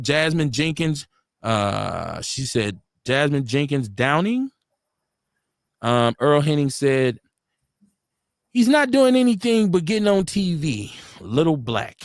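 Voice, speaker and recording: Middle-aged guy from milwaukee hosting his live show, pitch jumps all over, cussing and telling stories. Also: no room sound, studio quality. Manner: animated, profane, storytelling with streetwise slang. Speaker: radio show host. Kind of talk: casual live-stream talk show.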